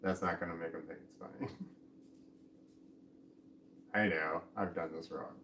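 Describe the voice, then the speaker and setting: Deep-voiced and steady, a middle-aged vlogger talks a little slowly with a slightly bright tone, rambling and breaking into his own sentences, chuckling at times. Recorded at home on a far-off camera mic, the audio is roomy, with faint ambience and slight background noise.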